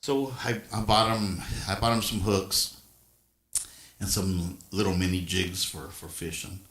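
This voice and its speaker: Older male livestream host, low voice, folksy rambling storyteller, echoey room. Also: steady tone, measured pace, fairly bright tone. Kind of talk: casual storytelling chat.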